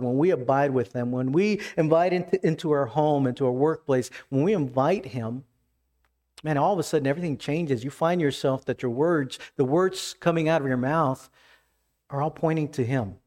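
A pastor preaching a sermon, animated and casual, rising with excitement as he retells scripture scenes. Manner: animated, rises in pitch when retelling scenes.

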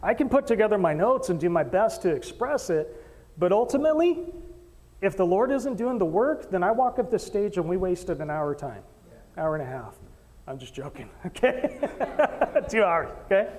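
A man preaching a sermon as pastor, animated storyteller who acts out voices and jokes with the congregation. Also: sits high, moderate pace, long reverb tail. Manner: animated storytelling, acting out quoted voices, joking with the crowd. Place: church stage in a hall.

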